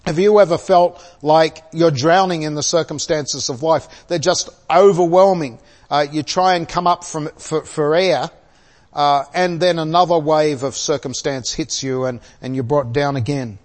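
A man's voice: on the high side, measured pace. An older man preaching a sermon, telling a personal story with light chuckles and asking his listeners questions. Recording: long hall reverb.

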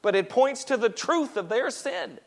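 A man's voice: extremely high pitch, animated, a little slow, big-room sound. A man preaching a sermon to a congregation, emphatic and repetitive as he presses each point home. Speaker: pastor.

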